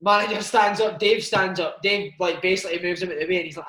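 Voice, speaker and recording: High-voiced Scottish man swearing through anecdotes. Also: fast, pushed and bright. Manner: swears freely, calls listener mate. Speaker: former footballer, interview guest. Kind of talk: casual anecdotal chat. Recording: roomy echo.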